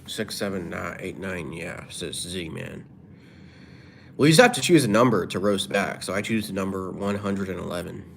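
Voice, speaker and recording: A man's voice: low voice, normal speed, creaky, slight background noise. A man livestreaming, reading viewers' comments aloud and answering them in a rambling, offhand way. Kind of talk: casual livestream chat.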